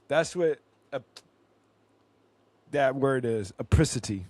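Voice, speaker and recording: A man co-hosting a casual podcast, loud and profane, mock-outraged and tripping over his words. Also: medium pitch, expressive, slow, pauses often, no echo. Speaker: podcast co-host.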